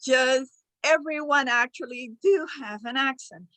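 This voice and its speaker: A woman with a Spanish accent and Spanish as her first language, sharing a personal story with advice on a video call, earnest and quick to laugh. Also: high voice, bright, forceful tone, dry recording, poor audio. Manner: slow, earnest, laughs often. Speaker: speaker at a speaking club meeting.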